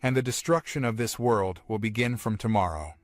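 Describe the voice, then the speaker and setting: A man reading as a calm, serious young hero. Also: on the low side, a little fast, no room sound, lightly acted. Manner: firm, instructing. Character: calm, serious young male hero who knows the future.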